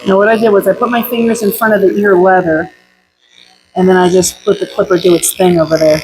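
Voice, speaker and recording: A woman dog groomer chatting casually while she works, telling stories with sudden high exclamations. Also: flat delivery, fairly quick, noisy background. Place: grooming salon.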